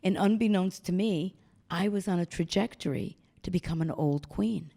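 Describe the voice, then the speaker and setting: Older woman telling lively stories. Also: fairly low pitch, normal speed, gravelly. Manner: animated storyteller acting out quoted voices. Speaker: guest speaker. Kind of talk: storytelling talk. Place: stage talk before an audience.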